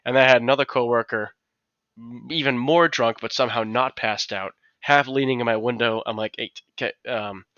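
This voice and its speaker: Guy on a podcast, bright voice, dry close mic, kinda dull sound. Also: medium pitch, normal speed, no echo. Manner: animated, acts out quotes of coworkers. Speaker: podcast co-host. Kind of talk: casual storytelling.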